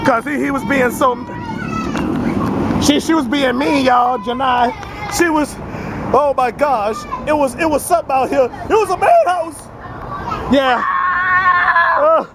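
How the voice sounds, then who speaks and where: A man's voice: very high voice, gravelly, very noisy. A man hosting his own casual live-stream show from a family birthday party, rambling and stammering as he keeps talking to viewers. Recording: party music and crowd chatter behind.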